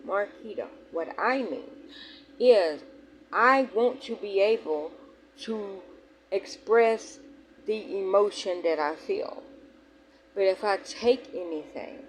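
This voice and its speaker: A woman's voice: fairly low pitch, slight background noise, rough recording. Candid woman vlogging, emphatic and rambling. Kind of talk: personal vlog talking to viewers.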